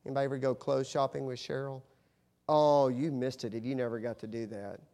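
A middle-aged pastor, a man, preaching with animated storytelling that swings from hushed to loud. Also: mid-range voice, brisk. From United States. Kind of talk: sermon.

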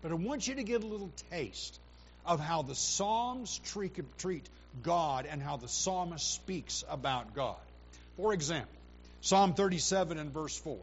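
Animated preacher, high voice, lo-fi. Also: male voice, measured pace. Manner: animated preaching, rising to loud emphatic quotes. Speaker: pastor. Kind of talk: sermon. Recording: dull lo-fi recording with faint hum.

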